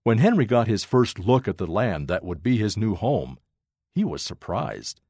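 A man narrating a children's story aloud with expressive, dramatic pacing. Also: fairly low pitch, moderate pace, no room sound, studio quality.

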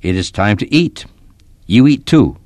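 A man voicing a calm, gentle old ranch hand who speaks softly, in few words, and kindly but firmly. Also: fairly low pitch, normal speed, no room sound, close to an everyday voice. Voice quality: calm, gentle, soft-spoken.

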